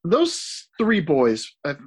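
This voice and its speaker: Husky-voiced man griping on a podcast. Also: on the high side, wildly swooping pitch. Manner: halting, repeats words, dry complaints. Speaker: podcast co-host. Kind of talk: casual movie discussion.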